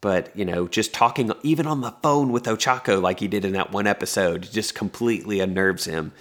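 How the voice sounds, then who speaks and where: Male podcast co-host, very low voice, wry rambling anime recap. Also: brisk, a bit bright. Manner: rambling, wry, frequent restarts. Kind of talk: casual anime recap chat.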